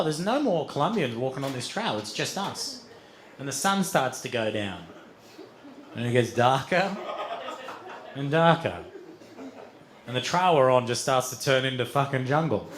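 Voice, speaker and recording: A young man doing stand-up, telling a wild story with lots of swearing and sudden loud acted-out outbursts. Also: fairly high pitch. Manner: animated, swears freely, acts out voices with loud outbursts. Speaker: stand-up comedian. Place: comedy venue stage with audience.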